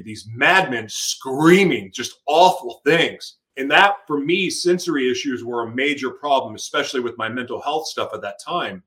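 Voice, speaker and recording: A man's voice: mid-range voice, a bit bright. A middle-aged man, an author and interview guest, telling his personal story with feeling and acting out his own past outbursts.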